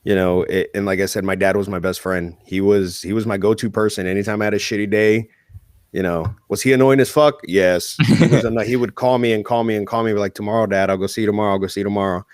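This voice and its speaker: Guy on a podcast, kinda low voice, dry mic, cussing a lot while he tells a story. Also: fairly even intonation, a little fast, darkish tone, clear, resonant tone, no echo. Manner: swears a lot in heartfelt storytelling. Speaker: podcast co-host. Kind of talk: casual chat.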